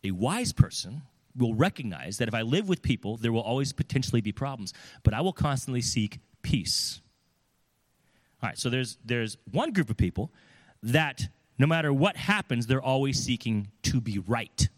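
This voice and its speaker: A man preaching a sermon, lively and conversational, acting out the voices of the people in his examples. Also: mid-range voice, normal speed. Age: adult with children. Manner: animated, acts out quoted voices.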